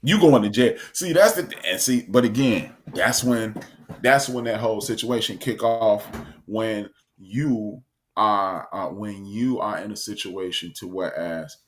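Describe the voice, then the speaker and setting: Low-voiced man telling a story. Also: measured pace, a little hiss or hum. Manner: storytelling, animated, acts out quotes. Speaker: podcast co-host. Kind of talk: casual chat.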